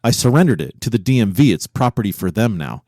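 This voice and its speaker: A man co-hosting a casual podcast from a home recording room, cursing freely and breaking into loud disbelief. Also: fairly low pitch, very animated, fast talker, no echo, clean studio sound. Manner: profane, incredulous, loud bursts of disbelief. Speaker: podcast co-host. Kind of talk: casual banter.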